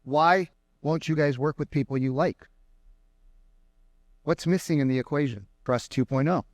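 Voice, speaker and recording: Lively man giving a sales talk. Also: fairly high pitch, moderate pace, no echo. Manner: energetic, acts out mocking caller voices. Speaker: sales trainer. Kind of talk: keynote talk to a live audience. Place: conference room with an audience.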